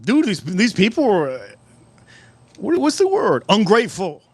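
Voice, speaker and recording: A man hosting a live stream outdoors at a barbecue, chatting casually and rambling through animated stories. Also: high voice, unhurried, dry recording.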